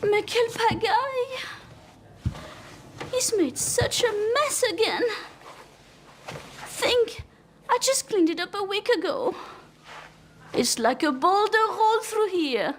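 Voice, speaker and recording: Fussy parisian lady w/ a french accent, really high and swoopy, faint noise behind. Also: animated, slow pace, pauses often, full character voice. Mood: fussing. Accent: French, put on. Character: welcoming Parisian woman in a game trailer.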